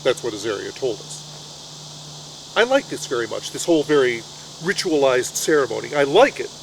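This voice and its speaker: A man's voice: mid-range voice, big pitch swings, normal speed, creaky, slight background noise, low-quality recording. A middle-aged man performing a comic storytelling monologue in a wry, anxious, self-mocking way.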